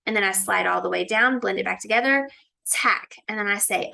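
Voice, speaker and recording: A woman teacher records a walkthrough of her lesson. Her voice is bright with a touch of fry. She drops into a sing-song classroom tone and sounds out each letter slowly. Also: mid-range voice.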